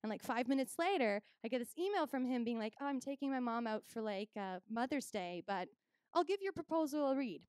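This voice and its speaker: A woman's voice: a little high, brisk, smooth, no room sound, studio quality. A young woman from Canada doing a stand-up comedy set, telling stories and acting out both sides of each conversation. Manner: animated storytelling, acts out both sides of conversations.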